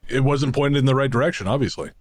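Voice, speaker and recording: A man's voice: mid-range voice, quick pace. A man co-hosting a podcast, chatting casually with wry, dry jokes and a few swear words. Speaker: podcast co-host. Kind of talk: casual chat.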